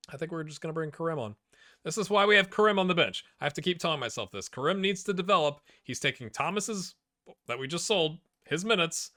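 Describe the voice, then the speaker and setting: Guy doing let's play commentary, gets all worked up yelling at his players, bright voice, real dry close mic. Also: fairly high pitch, fast, no echo. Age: middle-aged. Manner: excitable, talks to players on screen. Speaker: gaming YouTuber.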